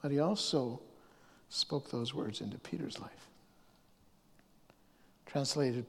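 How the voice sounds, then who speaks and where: A man preaching a sermon, often restarting his words and swinging from hushed asides to raised emphasis. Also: mid-range voice, takes it slowly, vocal fry, pauses often, breathy edge. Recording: long hall reverb.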